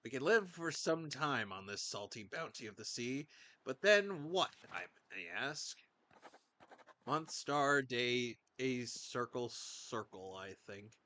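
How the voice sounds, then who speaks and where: A man's voice: mid-range voice, lively intonation, takes it slowly, bright, forceful tone. A man voicing a pompous, dramatic rich merchant in a video game, with grand old-fashioned phrasing. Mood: wistful.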